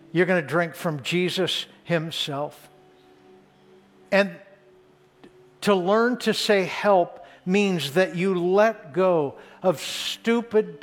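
High-voiced older man preaching slowly. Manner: earnest, builds to fervent emphasis, slows for key points. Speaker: pastor. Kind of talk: sermon.

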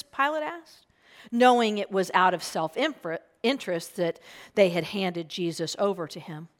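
Woman preacher, slow and earnest, sermon storytelling, hushed asides. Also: medium pitch. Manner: earnest, drops to a hushed whisper for emphasis. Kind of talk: sermon retelling a gospel passage.

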